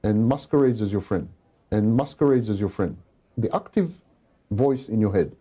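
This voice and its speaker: A man's voice: on the low side, normal speed, warm tone, husky. A man giving a talk in a didactic, emphatic way, repeating his key phrases, in a played recording. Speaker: lecturer.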